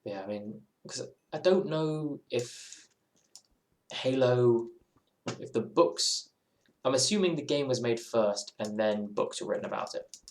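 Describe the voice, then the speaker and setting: Chatting casually while playing on stream, this man rambles and muses, interrupting himself and returning to the same points. His medium-pitched voice has lively intonation at a measured pace, and it sounds reverberant.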